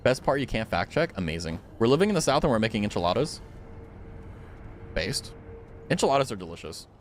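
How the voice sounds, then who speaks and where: A man live-streaming a video game, chatting with viewers in a rambling, excitable way, laughing often and swearing casually. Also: fairly low pitch, a little fast, a little hiss or hum. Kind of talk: casual live gameplay chat.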